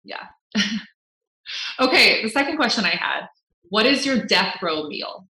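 A woman author as a guest in a casual interview, upbeat and quick to giggle. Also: medium pitch, very animated, bright, forceful tone, reverberant, poor audio.

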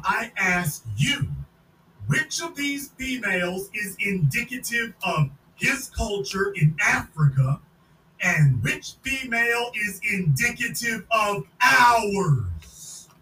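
A man hosts a podcast, loudly mocking a video and repeating himself for effect. His voice is very high and bright. He sounds distant in an echoey room with faint noise behind. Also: very animated, slow. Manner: mocking, loud, repetitive. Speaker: podcast host. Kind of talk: casual commentary on a video.

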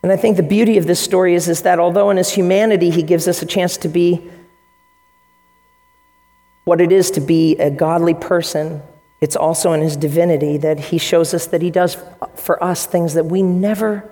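A woman's voice: on the low side, fairly even intonation, normal speed, mellow. A woman preaching a sermon in a church hall, speaking earnestly and directly to her congregation. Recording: long hall reverb, faint music behind.

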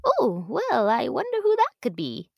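A woman voicing a kindly older woman neighbor in a storybook, gentle and welcoming. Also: high voice, huge pitch swings, moderate pace, vocal fry, no room sound, studio quality, soft background music, heavily acted.

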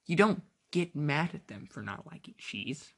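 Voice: medium pitch, big pitch swings, measured pace, fairly bright tone. Rambling American podcaster ranting solo. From United States. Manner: rambling, jokey, sidetracks and interrupts itself. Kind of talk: casual opinion rant.

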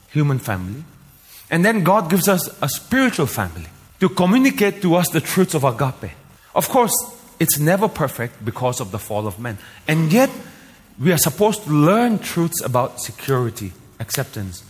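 A husky-voiced male pastor delivers a sermon in a church hall, and the long reverb rings after his words. He is from Northeast India and speaks with steady conviction. He drives key lines home by repeating them with mounting force. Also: a little high.

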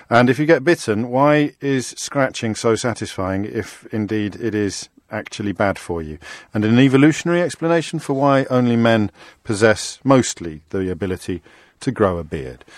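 A man hosting a radio phone-in show with a British accent, talking quickly with a wry, teasing manner and frequent restarts. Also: on the low side, dry recording, studio quality. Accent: British English. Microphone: studio microphone.

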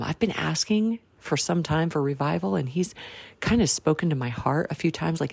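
Woman podcast host, low fry-laden voice, folksy and earnest, casual faith talk. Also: moderate pace, a little mellow. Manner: folksy, rambling, earnest, Southern slang.

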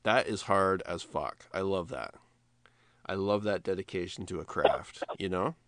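A man co-hosting a podcast in casual chat, telling stories in a rambling, animated way with many restarts. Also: low-pitched, a little slow, no echo. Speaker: podcast co-host.

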